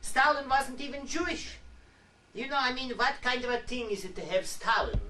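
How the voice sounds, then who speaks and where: A man playing a weary old male revolutionary thinker, complaining deadpan in broken English with a put-on Russian accent, in an archive clip. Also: very high-pitched, moderate pace. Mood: grumbling. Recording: distant archive clip with faint hiss.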